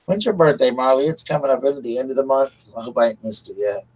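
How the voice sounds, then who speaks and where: A man's voice: mid-range voice, fast, a little mellow, low-quality recording. A man hosting a casual live stream, rambling and chatting to his viewers. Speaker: livestream host.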